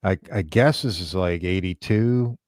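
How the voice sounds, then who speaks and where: Man, deep low voice, podcast co-host, enthusiastic, rambling, dry close sound. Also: unhurried, a little mellow, no room sound. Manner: enthusiastic, rambling, many fillers. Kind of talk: casual interview conversation.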